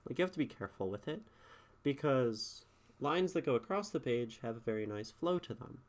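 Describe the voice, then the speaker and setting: A man's voice: medium pitch, animated, brisk. A man streaming, giving a casual spoken critique of a poem and thinking aloud with fillers and tag questions. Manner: conversational, thinks aloud with many fillers and "right?" tags.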